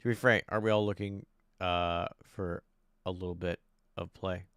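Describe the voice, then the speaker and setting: A man's voice: low voice, fairly even intonation, normal speed, a bit bright, clean tone, no echo, studio quality. A man live-streaming from home, thinking aloud in casual chat while he fiddles with his desk microphone settings and gets frustrated.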